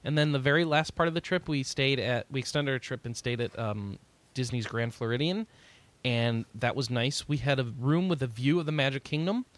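A man's voice: mid-range voice, a little fast. A man co-hosting a podcast, recounting a trip in easygoing casual chat with "uh"s and "um"s. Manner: easygoing, recounting trips with fillers. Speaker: podcast co-host.

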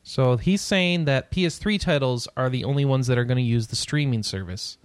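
A man hosting a casual gaming news podcast, reading news items and adding relaxed asides. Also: medium pitch, brisk, no room sound. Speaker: podcast host.

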